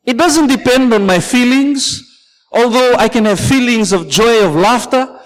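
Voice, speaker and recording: A man's voice: very high-pitched, unhurried, long reverb tail, low-quality recording. A man preaching a sermon as pastor, telling a story and calling out "Amen" and "Praise the Lord" to his congregation.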